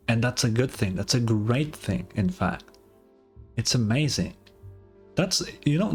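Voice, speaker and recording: A man from Europe streaming a game, rambling casually and repeating himself as he answers chat. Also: medium pitch. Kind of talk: casual live-stream commentary.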